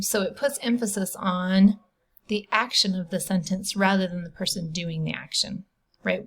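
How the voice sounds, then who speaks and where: A middle-aged woman teacher recording an online lesson, explaining a grammar point patiently and step by step, with casual asides. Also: lowish voice.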